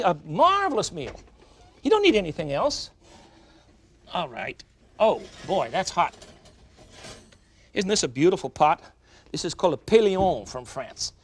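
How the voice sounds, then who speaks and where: A man hosting a cooking show, demonstrating a recipe in a studio kitchen in a chatty, folksy way, talking straight to the viewers. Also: a little high. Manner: chatty, folksy and animated, addressing viewers directly.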